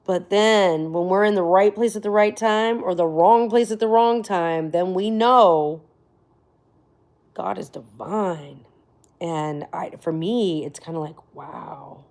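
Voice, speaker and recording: Woman livestream host, lowish voice, casual and chatty, quick laughs, hushed asides. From Florida. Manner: chatty, laughs often, drops to near whispers. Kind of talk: casual livestream chat with viewers.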